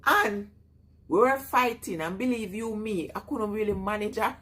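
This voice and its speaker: Husky Jamaican woman chatting on a live stream. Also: on the high side, very animated, moderate pace. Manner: chatty, greets viewers and laughs often. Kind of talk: casual live-stream chat with viewers.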